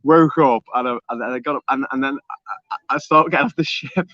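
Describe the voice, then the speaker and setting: A man's voice: medium pitch, a little fast, bright, forceful tone, dry recording, dull audio. Rambling man on a livestream. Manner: rambling storyteller, swears casually, many restarts. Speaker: livestream co-host. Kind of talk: casual livestream chat. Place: home on an island.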